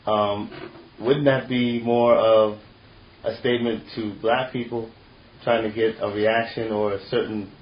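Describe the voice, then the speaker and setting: A man's voice: lowish voice, little pitch movement, a little slow. A man taking part in a group discussion, asking a question in hesitant, searching phrasing. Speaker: discussion participant. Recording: echoey room, dull sound, faint hiss.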